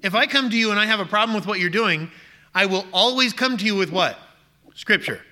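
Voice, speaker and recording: High, piercing-voiced man preaching a sermon. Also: lively intonation, fairly quick, pushed and bright. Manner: emphatic, exhorting with rhetorical questions. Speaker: pastor.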